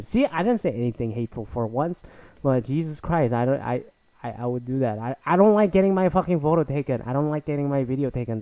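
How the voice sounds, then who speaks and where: This young podcast host, who immigrated to Canada, talks alone in a sarcastic, rambling, profane casual rant. He speaks at a medium pitch with a mellow sound. There's no echo, but the recording quality is low.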